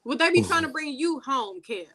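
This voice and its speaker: A woman's voice: high-pitched, animated, normal speed, a crowd in the background. A woman with a Milwaukee accent on a casual radio talk show, blunt, profane and scoffing.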